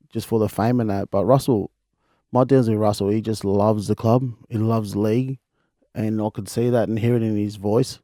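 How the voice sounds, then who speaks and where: A man's voice: lowish voice, vocal fry, warm tone, no room sound, clean studio sound. Laid-back Australian man telling stories. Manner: laid-back, laughs often, many restarts. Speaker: podcast co-host, former player. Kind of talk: casual storytelling chat.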